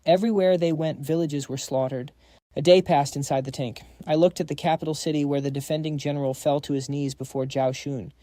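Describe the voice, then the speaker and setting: Mellow, dry-voiced male story narrator. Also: a little high, steady tone, brisk, no echo. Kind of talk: scripted story recap narration.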